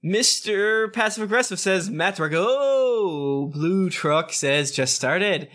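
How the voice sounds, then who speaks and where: A man's voice: high-pitched, lively intonation, slow, fairly bright tone. A man co-hosting a podcast, reading out listener reviews in a playful, joking way. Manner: playful, gives quotes silly voices. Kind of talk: casual banter, reading reviews aloud.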